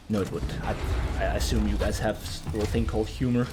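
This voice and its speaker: Guy talking over his gameplay, thinks out loud, gets hyped, background noise on the mic. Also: on the low side, fast talker. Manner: thinks aloud, excitable, swears. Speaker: gaming channel host. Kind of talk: gameplay commentary.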